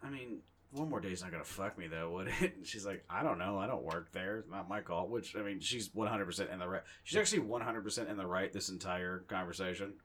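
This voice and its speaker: A young man co-hosting a casual podcast, his voice sitting a little low but coming across bright and forceful. He rambles through profane, self-mocking stories in loose chat. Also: fast, a little hiss or hum. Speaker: podcast co-host.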